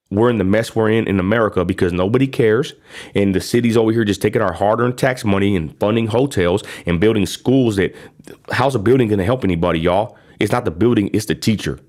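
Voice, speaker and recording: Livestream host, 30s man, West Texas accent, blunt rambling talker, fairly low voice. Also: a little fast, a little mellow. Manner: rambling and blunt, lots of fillers. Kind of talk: casual livestream rant.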